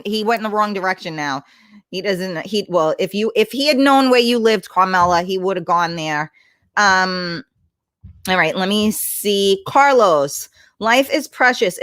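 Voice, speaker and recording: A woman's voice: medium pitch, no room sound. Woman host, casual livestream chat, blunt and chatty, dry close sound. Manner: blunt, chatty, swears freely; warm greetings to viewers by name.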